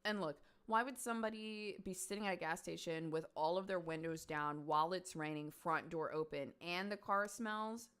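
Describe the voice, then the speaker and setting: A woman's voice: lowish voice, normal speed, few pauses, fairly bright tone, smooth. A woman casually recounting a true crime case to her audience, chatty and emphatic, dropping the odd swear word. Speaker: streamer host.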